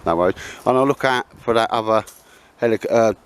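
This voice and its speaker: A man's voice: on the low side, fairly quick, smooth. A man hosting, in a rambling, matey casual chat outdoors in the woods. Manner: rambling and matey, always saying mate and sir. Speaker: host.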